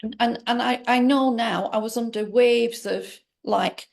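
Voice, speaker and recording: A woman's voice: on the high side, steady tone, measured pace, vocal fry. A middle-aged woman telling a personal story to an interviewer in a rambling, emphatic way, full of restarts. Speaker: interview guest. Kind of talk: personal story told in conversation.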